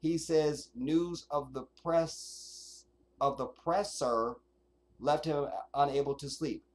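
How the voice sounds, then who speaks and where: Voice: medium pitch, slow pace. A streamer hosting a livestream, reading news quotes aloud in a sarcastic, mocking way and picking them apart. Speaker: streamer host. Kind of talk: livestream commentary.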